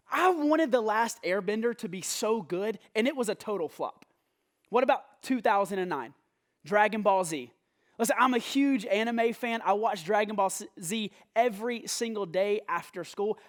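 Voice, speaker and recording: A young man hosting a faith talk show, talking to the camera in an upbeat, animated way with quick restarts. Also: high-pitched. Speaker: host. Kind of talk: energetic casual talk to camera.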